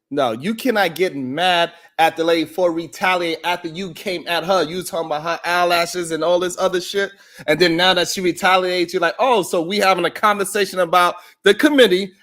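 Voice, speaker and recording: A man's voice: high-pitched, sharp tone. A man hosting a live stream, ranting in heated, profane reaction commentary.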